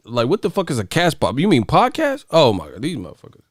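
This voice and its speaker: Boxing vlogger, male, lively swinging delivery, dry close mic, cussing and exasperated. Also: mid-range voice, moderate pace, no room sound. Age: adult. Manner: exasperated, profane, laughing riffs. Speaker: boxing channel host. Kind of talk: casual livestream commentary on chat.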